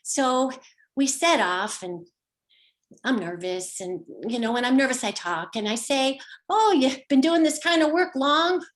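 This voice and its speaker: A woman's voice: high voice, animated, a little slow. A middle-aged woman performing a personal story with wry, dry humor, slipping into quoted voices now and then. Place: home, online show.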